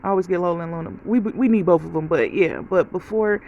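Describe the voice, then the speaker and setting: A woman's voice: fairly low pitch, fast talker, dull audio, slight background noise. A woman vlogger giving a casual life update, telling stories straight to her viewers. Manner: chatty storytelling, talks straight to viewers.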